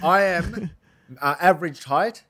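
A man's voice: high voice, measured pace, crowd noise. A man with an Australian accent, hosting a podcast in a playful, rambling way with many fillers. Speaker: podcast host. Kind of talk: casual podcast chat.

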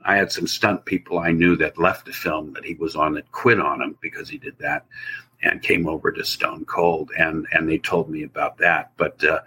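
A man, an actor guest on an interview show, telling a rambling, animated anecdote in casual chat. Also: low voice, breathy edge.

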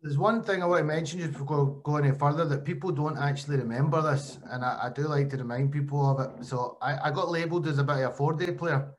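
A man's voice: fairly high pitch, fast talker, hardly any pauses. A man hosting a podcast and telling sporting stories in casual chat, with frequent restarts. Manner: animated storyteller, frequent restarts. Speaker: podcast host and former cricketer.

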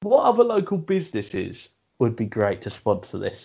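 A man's voice: mid-range voice, wildly swooping pitch, normal speed, gravelly, over loud music. A man co-hosting a podcast, joking and laughing, often stammering and restarting his sentences. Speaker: podcast co-host. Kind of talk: casual chat. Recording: dull lo-fi podcast audio.

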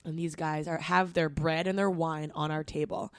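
A woman's voice: low-pitched, moderate pace, no echo. Woman from canada spinning a story on a podcast, does little voices of people, dry sound. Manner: animated storyteller, mimics people in her anecdotes. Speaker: podcast co-host. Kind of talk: casual storytelling chat.

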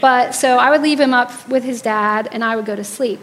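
A woman's voice: fairly high pitch, normal speed, slight background noise. Woman giving a storytelling sermon. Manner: animated storyteller acting out quotes. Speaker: speaker at church service.

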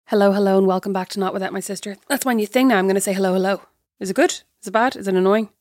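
A woman's voice: mid-range voice, very fast, a little mellow, dry recording, studio quality. A woman co-hosting a podcast in casual chat, brash and teasing, swearing freely. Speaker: podcast co-host.

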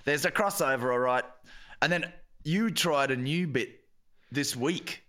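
A man co-hosting a casual podcast, tossing in quick jokey remarks and laughing often. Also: medium pitch, pushed and bright. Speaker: podcast co-host.

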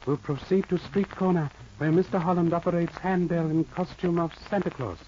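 A man's voice: fairly high pitch, fairly even intonation, moderate pace, mellow, lightly acted. A man playing Charlie Chan, a proverb-quoting detective. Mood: calm, formal. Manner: clipped stilted phrasing, drops articles, polite and aphoristic. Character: formal, patient older male detective speaking in proverbs. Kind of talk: 1940s radio acting. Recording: muffled old radio recording with hiss.

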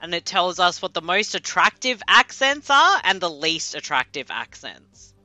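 A woman's voice: fairly low pitch, big pitch swings, moderate pace, sharp tone, no room sound, faint music behind. A woman co-hosting a podcast, swearing freely and teasing the others in playful banter. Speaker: podcast co-host.

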